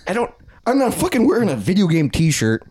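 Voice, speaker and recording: A man's voice: high voice, fairly quick, husky. Young guy on a podcast, voice jumps all over as he tells stories, laughs a lot. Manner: animated storyteller, acts out quotes, laughs often. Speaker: podcast co-host. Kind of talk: casual chat.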